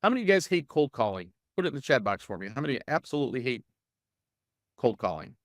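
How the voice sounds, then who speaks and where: Energetic man coaching with questions. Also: mid-range voice, fast talker, dry recording, studio quality. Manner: energetic, fires rhetorical questions at the audience. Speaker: real estate sales coach. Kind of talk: live online training session.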